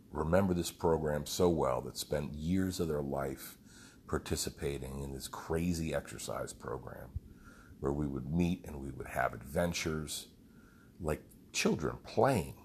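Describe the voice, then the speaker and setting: A man's voice: very deep voice, measured pace, vocal fry, darkish tone, slight background noise. A man who leads a group fitness program, telling a rambling, heartfelt story with some swearing. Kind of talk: casual storytelling monologue.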